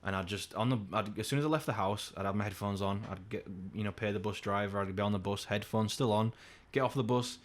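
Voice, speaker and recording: Young english bloke on a podcast, lowish voice, sweary rambly stories. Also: male voice, fast, hardly any pauses. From England. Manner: swearing, rambling anecdotes, acts out quotes in a high voice. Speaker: podcast co-host. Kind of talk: casual chat.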